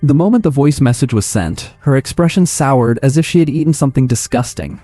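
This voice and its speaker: A man narrating a scripted comic story recap in a steady, even storytelling manner. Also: mid-range voice, a little fast. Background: faint music.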